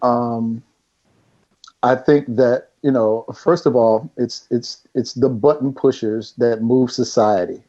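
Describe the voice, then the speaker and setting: A middle-aged man telling a story as a guest, animated and laughing as he goes. His voice is mellow and dark. The audio is dull and lo-fi. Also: medium pitch, slow pace. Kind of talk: storytelling in casual chat.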